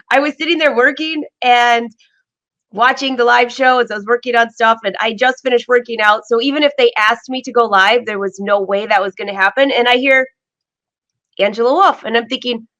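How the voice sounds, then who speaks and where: A woman hosting a live sewing vlog from her home studio, chatty and excitable, laughing often. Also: fairly high pitch, normal speed. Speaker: vlog host. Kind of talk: live-streamed casual chat.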